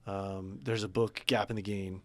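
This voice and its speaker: Man, business coach, podcast guest, earnest, animated storytelling, casual interview talk. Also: sits low, moderate pace.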